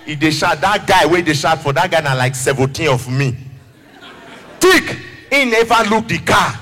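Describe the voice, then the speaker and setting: A man's voice: a little high, expressive, normal speed, sharp tone, long reverb tail. A man with a Nigerian Pidgin English accent doing a stand-up comedy routine on a live stage, telling stories and slipping into characters. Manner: storytelling, switching into acted characters.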